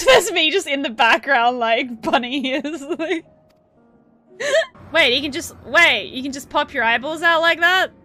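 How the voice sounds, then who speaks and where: Bright-voiced excitable woman game streamer. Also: sits high, a little slow, soft background music. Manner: laughs often, swears freely, excitable. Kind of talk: live gameplay commentary.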